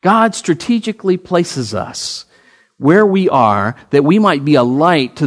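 A man's voice: a little high, unhurried, big-room sound. A man preaching a sermon, telling a story with quoted dialogue and building to emphatic calls to the congregation. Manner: animated, rising to emphatic calls. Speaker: pastor.

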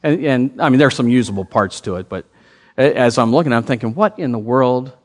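A man preaching a sermon as pastor, telling a story with lively swings in his voice. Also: medium pitch, brisk.

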